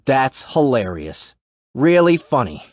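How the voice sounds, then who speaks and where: A man's voice: mid-range voice, big pitch swings, slow pace, no echo, studio quality, pitched above the performer's own voice. A male audiobook narrator voicing a wary, sarcastic journalist. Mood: skeptical. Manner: skeptical, sarcastic.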